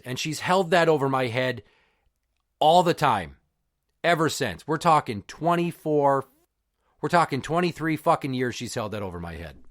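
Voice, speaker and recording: A man's voice: mid-range voice, fairly bright tone, dry recording, studio quality. A middle-aged man, hosting a podcast and telling a personal story in a blunt, profane, heated way. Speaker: podcast host.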